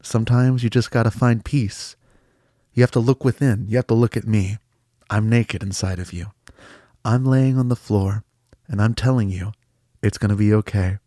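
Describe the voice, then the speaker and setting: A man voicing his own needy male inner voice, speaking softly and pleadingly. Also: fairly low pitch, fairly even intonation, moderate pace, dry recording, studio quality, lightly acted. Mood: soothing. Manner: soft, pleading, intimate.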